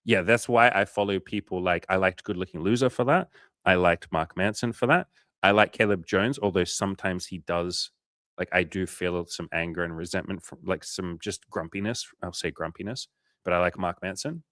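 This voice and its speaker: A man hosts a coaching livestream, his voice sitting low and moving at normal speed. The studio recording is clean with no room sound, and he chats casually with viewers, telling animated, swear-heavy stories with acted-out dialogue.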